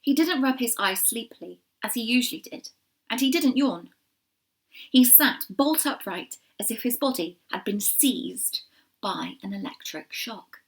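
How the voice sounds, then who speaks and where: A woman's voice: on the high side, unhurried. Woman reading a children's book aloud. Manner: expressive, with small slips and asides to listeners. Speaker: reader. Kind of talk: storybook read-aloud for children.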